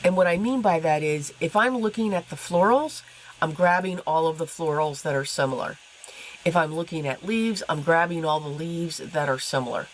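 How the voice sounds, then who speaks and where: A woman's voice: low-pitched, moderate pace, a little hiss or hum, rough recording. A woman with a stuffy nose from allergies, chatting casually as she explains her card-making while she works. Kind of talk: casual crafting tutorial.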